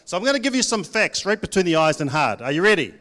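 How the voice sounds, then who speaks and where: A man's voice: high voice, very animated, fast, sharp tone. A man, a Pacific director giving a blunt, joking talk to a live audience at a church event. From New Zealand. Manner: blunt, joking, plays to the crowd.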